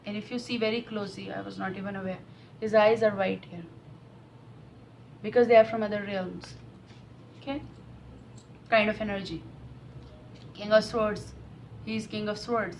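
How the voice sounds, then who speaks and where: A woman's voice: medium pitch, steady tone, moderate pace, creaky, long pauses, slight background noise, poor audio. A woman giving an emotional, repetitive tarot reading to camera. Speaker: tarot reader.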